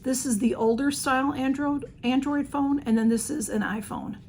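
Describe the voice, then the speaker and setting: A woman chatting through a shopping haul at home, rambling and a little hoarse. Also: high-pitched, normal speed, a little mellow, a little hiss or hum. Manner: chatty, rambling, talks to her cats. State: slightly hoarse. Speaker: vlogger reviewing a shopping haul. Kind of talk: casual haul video chat.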